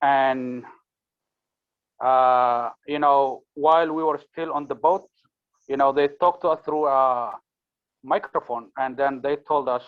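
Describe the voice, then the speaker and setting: A man who is a refugee recounting his arrival in a steady, measured way, with many fillers. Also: mid-range voice. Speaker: refugee speaker. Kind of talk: speech at an online launch event. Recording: tinny phone-like line.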